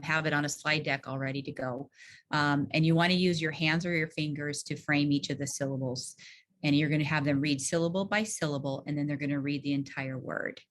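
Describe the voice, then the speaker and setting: A woman leading an online teacher training workshop over a video call, explaining a reading routine step by step and modelling the prompts she gives in class. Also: low-pitched. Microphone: video call microphone.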